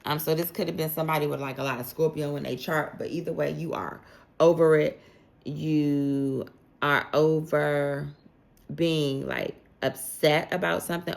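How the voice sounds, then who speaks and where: A tarot reader with a low, gravelly voice does a relaxed reading for the zodiac signs, addressing each sign directly. Her chatty, slangy delivery is full of "like" and feels loose and unscripted.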